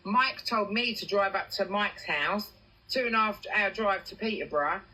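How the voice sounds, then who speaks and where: Husky, bright-voiced English woman swearing freely. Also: mid-range voice, moderate pace, rough recording. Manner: swearing, animated storytelling. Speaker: TikTok livestreamer. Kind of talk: casual livestream chat.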